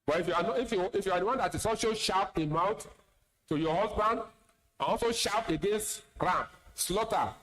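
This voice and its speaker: A man's voice: high-pitched, moderate pace, a bit bright, poor audio. A man with a Nigerian accent, an imam giving a sermon, plain-spoken with teasing asides and repeated words. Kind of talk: sermon lecture.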